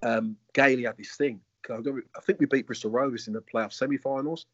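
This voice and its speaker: A man, a former footballer and coach, telling lively anecdotes. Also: medium pitch, fast, dry recording, muffled recording. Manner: animated, acts out quoted voices. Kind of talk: anecdotal storytelling.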